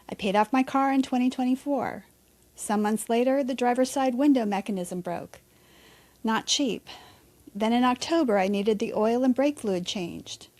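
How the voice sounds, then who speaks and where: Woman, higher-pitched voice, candid, conversational, solo podcast host. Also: darkish tone. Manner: candid, conversational, mildly profane. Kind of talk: reflective solo monologue.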